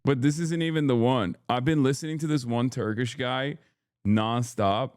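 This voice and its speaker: A man's voice: medium pitch, moderate pace, over music. A man hosting a live stream in a casual, rambling, joking way, reading chat aloud and answering it as a political commentator. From United States. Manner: rambling, joking, loose and irreverent.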